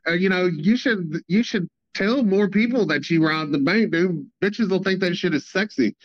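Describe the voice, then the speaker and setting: Man, teasing, profane, casual banter, slightly high voice, muffled dry sound. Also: normal speed, dry recording.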